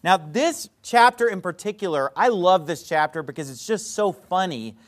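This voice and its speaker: A man preaching a sermon, telling stories emphatically and swinging between loud outbursts and quiet asides. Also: sits high, expressive, moderate pace.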